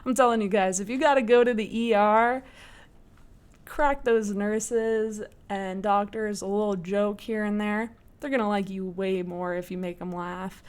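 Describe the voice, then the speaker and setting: A woman's voice: medium pitch, fairly even intonation, unhurried, clean tone. A young woman from New Orleans, hosting her own vlog and telling a personal story in a casual, slangy way, acting out the dialogue. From New Orleans, United States. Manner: chatty, slangy, acts out quoted dialogue. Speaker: vlog host.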